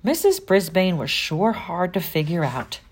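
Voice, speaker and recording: Low-voiced woman reading a storybook. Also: big pitch swings, measured pace, slightly rough. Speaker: audiobook narrator. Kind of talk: storybook narration.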